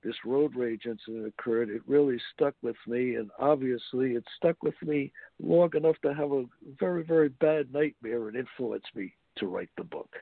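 A man being interviewed as an author, speaking haltingly with many restarts. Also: medium pitch, creaky, no room sound. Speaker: author guest. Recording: tinny phone-like line, dry.

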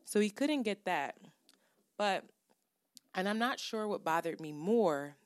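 Animated woman podcast host, dry close mic. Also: medium pitch, unhurried, dry recording. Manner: animated, profane, builds to heated. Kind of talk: casual chat, storytelling.

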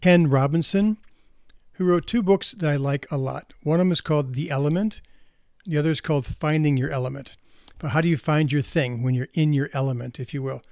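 A man's voice: on the high side, fairly quick, a little mellow, no room sound, studio quality. A man speaking earnestly as a counselor to parents, often restarting and repeating words as he talks. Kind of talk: reflective spoken talk.

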